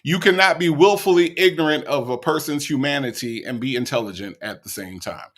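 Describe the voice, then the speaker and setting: A man's voice: on the high side, fairly quick, few pauses, fairly bright tone. Guy doing a commentary rant, emphatic, keeps checking "okay? all right?". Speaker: commentary host. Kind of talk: reaction commentary.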